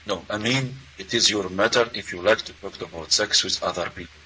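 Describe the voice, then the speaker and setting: Earnest caller, halting second-language English. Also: male voice, on the low side, sharp tone, a little hiss or hum, rough recording. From Arab world. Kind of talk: call-in conversation.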